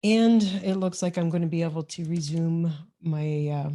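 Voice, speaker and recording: A woman from Canada, a podcast consultant, introducing herself in a relaxed, friendly way on a video call. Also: sits low, moderate pace. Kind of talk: casual group video call.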